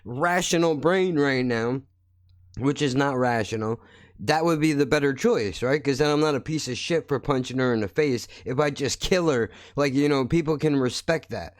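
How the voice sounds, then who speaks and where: A man's voice: mid-range voice, normal speed, no echo, clean studio sound. A man hosting a podcast, ranting in a blunt, heated, constantly swearing monologue. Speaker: podcast host. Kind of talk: angry profane monologue.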